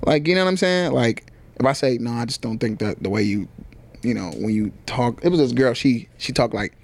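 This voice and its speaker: A man chatting casually on a podcast, slangy and animated, acting out quotes as he tells stories. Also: medium pitch, brisk. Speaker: podcast host. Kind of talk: casual chat.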